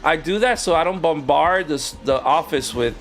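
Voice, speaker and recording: A man's voice: fairly high pitch, moderate pace, soft background music. A man who streams games and used to teach, casually telling stories from his classroom and acting out the voices of the people in them. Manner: animated, acts out quoted voices. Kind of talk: casual storytelling while gaming.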